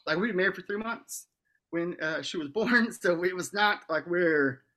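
A man speaks as a podcast guest in a slightly high, bright, forceful voice. He is outspoken and swears often, with frequent laughs. The talk is a loose, casual chat. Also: normal speed.

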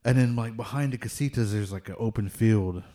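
A man's voice: fairly low pitch, a little fast, mellow. A man casually telling ghost stories, rambling with lots of fillers and laughing nervously at the tense parts. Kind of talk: casual storytelling of ghost encounters.

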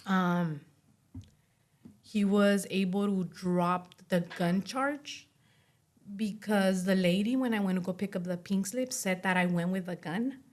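A young woman sits as an interview guest and tells her story casually. Her voice is mid-pitched. She talks in quick runs strung together with "like" and slips into the lines of the people she describes. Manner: speaks in quick runs full of "like", acting out what others said.

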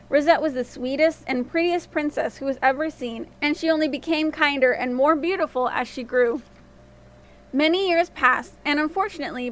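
A woman storyteller narrating a fairy tale in a gentle, expressive reading voice. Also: high-pitched.

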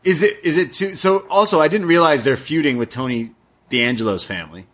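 A man's voice: on the high side, a little fast, a bit bright. A man co-hosting a podcast, chatting and joking casually about a wrestling show. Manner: jokey, laughing, chatty reactions. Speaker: podcast co-host.

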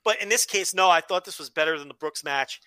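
Animated American man, bright voice. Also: fairly high pitch, brisk, no room sound. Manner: animated, many restarts, swears freely. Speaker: podcast co-host. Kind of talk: casual chat.

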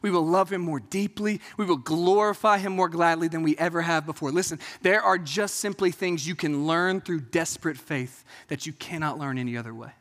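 A man preaching a Sunday sermon in a church, earnest and emphatic, rising to loud peaks and falling to quiet, intimate passages. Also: a little high, a little fast, few pauses. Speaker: pastor. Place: church sanctuary. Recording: long hall reverb.

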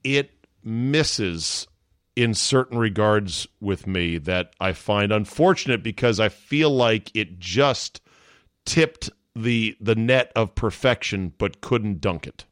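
Opinionated podcast host, dry close sound. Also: male voice, on the low side, takes it slowly, dry recording. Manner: blunt, opinionated, swears freely. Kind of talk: casual chat.

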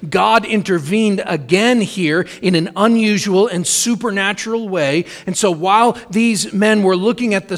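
A middle-aged man preaching a sermon in an earnest, measured way, repeating key phrases for emphasis. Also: high-pitched, a bit bright. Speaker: pastor.

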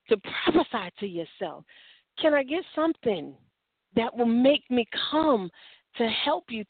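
A woman's voice: a little high, dry recording. A woman voicing God as a patient father asking his people to stand on his word, with an earnest, coaxing manner. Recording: tinny phone-like line, dry.

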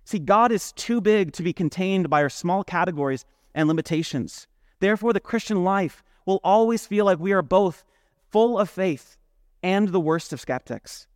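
A man's voice: high-pitched, animated, moderate pace, dry recording, clean studio sound. A male pastor preaching in a conversational way, full of rhetorical questions. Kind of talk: sermon.

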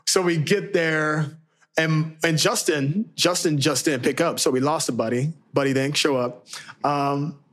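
Man, podcast co-host, slightly high voice, profane and animated. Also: unhurried. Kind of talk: casual chat.

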